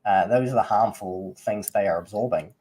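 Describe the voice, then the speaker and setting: A man's voice: lowish voice, normal speed, mellow. A man with a New Zealand accent co-hosting a political livestream, hesitant, with many fillers and restarts. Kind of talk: casual political talk show.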